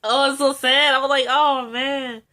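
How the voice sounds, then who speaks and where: A young woman recapping a TV episode in a casual vlog, chatty and excitable, full of fillers and asides. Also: normal speed. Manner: chatty and excitable, frequent "like" and filler, jumps high when excited. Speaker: TV episode reviewer.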